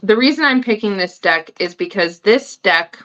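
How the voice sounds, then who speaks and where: A woman's voice: medium pitch, animated, moderate pace, a bit bright, muffled recording. Casual swearing woman chatting on a livestream. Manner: chatty, eats while talking, swears casually. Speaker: tarot livestream host.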